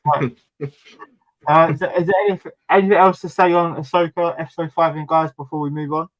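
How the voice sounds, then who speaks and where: Casting note: male host, slightly high voice, chatty, laughs easily. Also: steady tone, a little fast, highs cut off. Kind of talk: casual chat.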